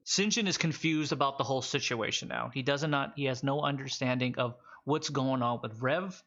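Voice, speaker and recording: A man's voice: medium pitch, moderate pace, a bit bright, muffled recording. A man narrating a tabletop role-playing game as game master, loose and rambling with many restarts.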